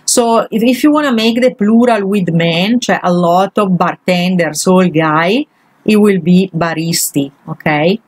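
A woman's voice: fairly low pitch, unhurried, low-quality recording. Woman teaching grammar. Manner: patient, walks through each example step by step. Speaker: Italian language teacher. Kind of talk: explaining grammar exercises.

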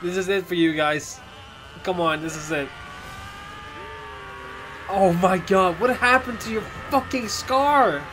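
An anime reaction host giving live commentary, excitable, exclaiming, laughing and swearing often. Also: medium pitch, slow pace, pauses often, music in the background.

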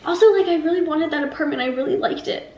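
A woman's voice: high voice, fast talker, darkish tone, highs cut off. A young woman vlogging casually in an emptied apartment, rambling through a story with lots of "like". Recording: echoey empty room.

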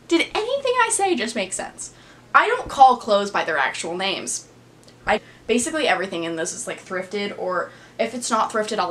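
A woman's voice: on the high side, a bit bright, slight background noise. A young woman chatting casually in a clothing haul vlog, bubbly and rambling, teasing herself and saying "like" constantly. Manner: bubbly, rambling, self-teasing, heavy use of "like". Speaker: vlogger.

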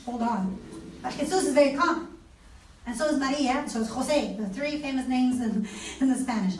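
A woman who does not speak natively gives an animated lecture, asking rhetorical questions and acting out conversations. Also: high-pitched, a little fast. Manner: animated, asks rhetorical questions, acts out dialogue. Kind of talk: lively lecture. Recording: echoey room, mic far off.

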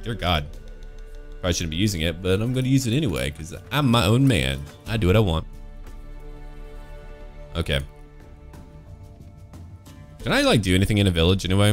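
A man with a very low voice talks over his video game in a playful let's-play style. He drops into mock-pompous, old-fashioned turns of phrase and bursts into high, silly exclamations. Faint music plays beneath him. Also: big pitch swings, brisk, pauses often. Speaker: gameplay commentator.

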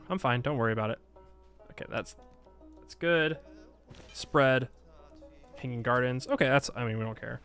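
Man, gameplay commentator, thinks aloud, mid pitch, self-mocking grumbles, faint music bed. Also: moderate pace, fairly bright tone. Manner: thinks aloud, frustrated and self-mocking, frequent sighs and laughs. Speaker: gaming YouTuber. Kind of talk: casual Let's Play commentary.

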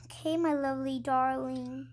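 A woman's voice: high-pitched, steady tone, normal speed. A woman voicing a sugary mother who coos at her favourite daughter in a home-made game role-play.

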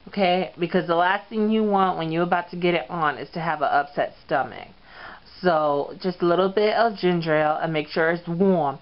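A man hosting his own comedy vlog show, sassy and crude, with lots of swearing. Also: high-pitched. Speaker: show host. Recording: lo-fi dull recording.

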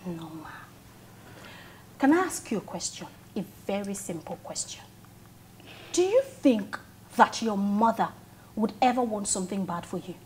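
A woman's voice: medium pitch, lively intonation, moderate pace, long pauses, slight background noise, natural voice. A young woman with a Nigerian accent playing a level-headed best friend who talks casually and reasons things out. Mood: reasoning.

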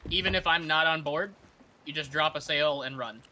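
Bright-voiced man patiently explaining a game. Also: fairly high pitch, moderate pace. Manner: patient, explanatory, gives calm commands. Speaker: experienced teammate guiding a new player. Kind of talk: casual game chat with instructions.

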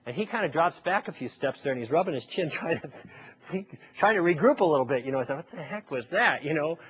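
Husky-voiced man lecturing. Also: on the high side, lively intonation, quick pace, a bit bright. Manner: storytelling, acting out both sides of a conversation; conversational and persuasive, with rhetorical questions. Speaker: public speaker. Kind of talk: lecture to a live audience.

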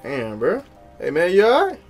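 A man's voice: high-pitched, huge pitch swings, moderate pace. A young man giving joking, slang-filled gameplay commentary and talking back at the characters. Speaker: gaming YouTuber. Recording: game music playing behind.

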